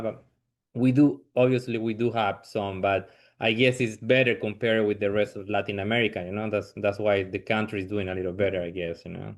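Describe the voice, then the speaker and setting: A man's voice: fairly low pitch, flat delivery, a little fast. Chatty Chilean man with a Spanish accent. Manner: chatty, laughing, many "you know" fillers. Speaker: stand-up comedian guest. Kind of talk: casual interview chat.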